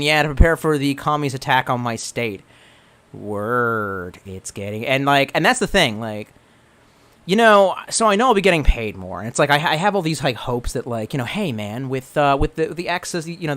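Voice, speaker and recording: Rambling, profane man with a lively voice. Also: on the high side, normal speed. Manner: rambling, profane, stammering restarts; swings between excited and gloomy. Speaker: livestreamer reading chat. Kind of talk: casual livestream chat.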